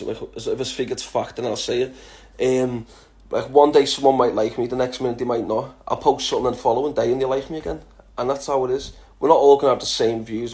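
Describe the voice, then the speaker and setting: A man in his thirties with a Liverpool accent answers follower questions in a casual chat, blunt, laughing, and swearing heavily. His voice is mid-range with a darkish tone.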